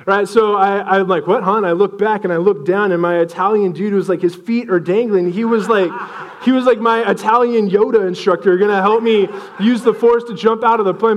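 A man's voice: high-pitched, steady tone, normal speed. A young adult man preaching a sermon as pastor, telling a story in a casual, self-deprecating way.

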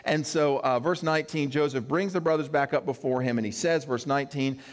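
A pastor giving a sermon, reading scripture and adding conversational, joking asides. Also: male voice, mid-range voice, a little fast. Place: church sanctuary. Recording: echoey hall reverb.

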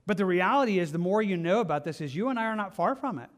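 A man with a high voice delivers a sermon from the pulpit. He speaks earnestly and conversationally, circling back and restarting phrases as he talks to his congregation. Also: lively intonation, fast talker. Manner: earnest, conversational preaching with repeated words and restarts. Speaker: pastor.

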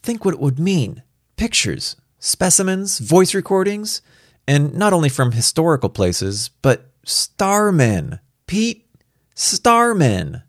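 A man's voice: on the low side, expressive, moderate pace, few pauses, darkish tone, no room sound, studio quality. A man doing an eager, pleading curator. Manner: urgent and pleading.

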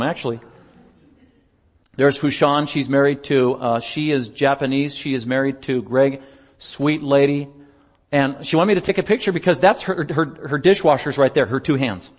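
A male pastor chatting through a slideshow report during a church service, telling stories in an animated way and laughing often. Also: mid-range voice, normal speed. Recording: long reverb of a large hall.

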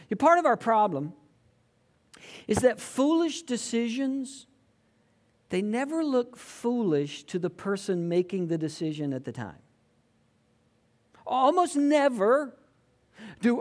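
A man preaching a sermon in a conversational, animated way, acting out quotes. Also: very high voice, a little slow. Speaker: pastor.

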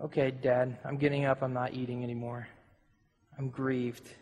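A man's voice: on the high side, lively intonation, measured pace, long reverb tail. A man voicing a loyal young prince who fumbles excuses and pleads with his father. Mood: glum.

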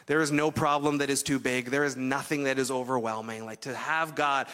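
A man's voice: medium pitch, steady tone, brisk, a bit bright, clean tone, in a large hall. A man preaching a sermon as pastor, telling a story in a loose, conversational way with fillers and restarts.

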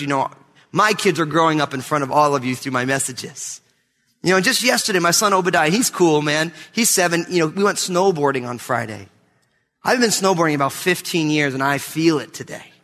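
Pastor guy in his 30s, animated sermon, bright ringy voice, long church reverb. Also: fairly high pitch. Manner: animated storytelling, acts out his kids' voices. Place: church sanctuary.

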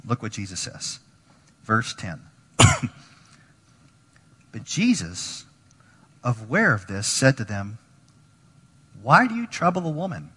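A man preaching a sermon as pastor, animated, acting out quoted voices and dropping to near whispers. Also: mid-range voice, husky, big-room sound.

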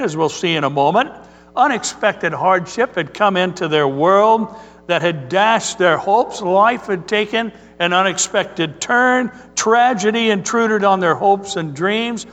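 Pastor, male, high voice, earnest measured sermon delivery, hall reverb. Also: fairly bright tone. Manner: storytelling, earnest and measured preaching.

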